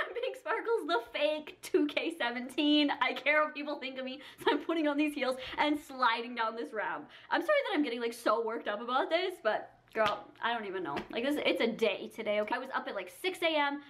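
A young woman telling a storytime to camera, animated and gushing, with lots of "like" fillers. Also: high-pitched. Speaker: beauty vlogger.

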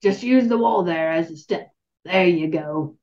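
A woman voicing a big, gentle half-giant groundskeeper who speaks soothingly and coaxingly, recorded with dull lo-fi sound. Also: lowish voice, measured pace, close to an everyday voice.

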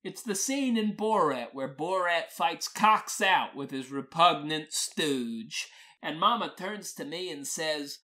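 A storyteller in a slow, poetic spoken-word style, blunt and profane in their phrasing. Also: medium pitch, expressive, bright, forceful tone.

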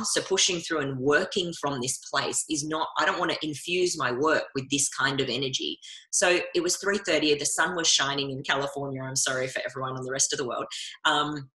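A woman's voice: very deep voice, brisk, bright, forceful tone, reverberant, poor audio. A woman talking as a guest in a casual interview, upbeat and coaching in tone. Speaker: guest speaker.

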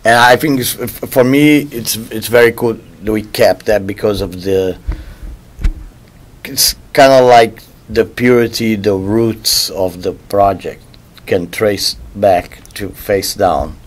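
Musician interviewee, male, a bit low in pitch, loose and rambling. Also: slow pace. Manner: loose, rambling, repeats words while searching for them. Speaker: musician interviewed about his album. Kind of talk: casual interview talk.

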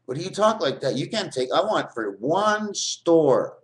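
A man's voice: on the high side, very animated, a little slow, voice pushed up. Brief: man playing a confused, indignant shopkeeper, slightly raised voice, roomy echo. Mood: baffled. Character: puzzled male store owner, indignant.

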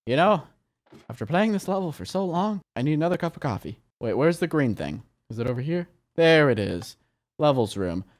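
A young man giving casual gameplay commentary as a video game creator, excitable and quick to burst into shouts and exclamations. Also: fairly high pitch. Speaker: gaming YouTuber.

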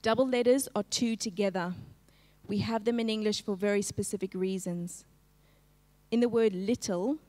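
A woman teaching a live-streamed phonics lesson, slowly segmenting each sound in a word and prompting the class to join in. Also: medium pitch, warm tone, big-room sound. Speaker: literacy teacher.

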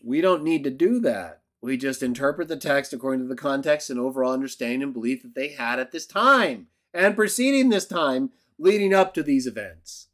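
A man's voice: mid-range voice, fairly bright tone. A man teaching a Bible lesson in a video, argumentative and emphatic, who keeps checking in with "right?". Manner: emphatic outbursts. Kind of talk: lecture-style video commentary.

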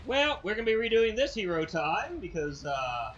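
A man hosting a let's play, giving excitable commentary that stammers and bursts into frustrated yelling. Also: high voice, moderate pace, slight background noise. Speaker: gaming channel host. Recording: dull lo-fi sound with game music. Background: game music.

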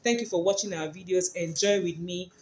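A woman's voice: lowish voice, fairly quick. A woman hosting a cooking video. She chats playfully and talks straight to her viewers while she cooks. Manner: chatty and playful, addresses viewers directly. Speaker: cooking channel host. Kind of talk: cooking demonstration vlog. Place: home kitchen. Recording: echoey kitchen room.

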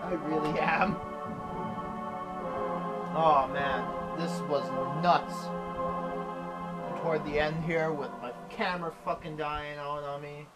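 A man's voice: on the high side, steady tone, takes it slowly, pauses often, over loud music. Profane ranting young male gamer. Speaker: let's play gamer. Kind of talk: casual game commentary.

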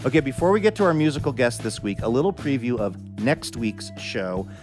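A man hosting a live radio show from a theater stage, upbeat and quick with his announcements. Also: medium pitch, animated, over music.

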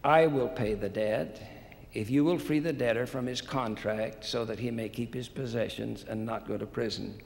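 A man voicing a calm, loving male mediator who offers to pay another's debt, heard in a large hall. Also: mid-range voice, moderate pace, gravelly, natural voice. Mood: assured. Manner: calm, assured. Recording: long hall reverb, faint noise.

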